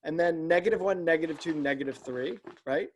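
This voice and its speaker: A man with a fairly high voice talks as a podcast guest about his coaching work. He explains earnestly and methodically, circling back and restarting his sentences as he builds each point. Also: brisk. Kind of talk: explanatory interview talk.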